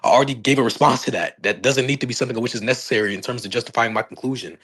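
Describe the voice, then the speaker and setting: A man debating over a phone mic, combative and insulting while insisting he is calm. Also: mid-range voice, rapid-fire, breathy edge. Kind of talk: heated online debate.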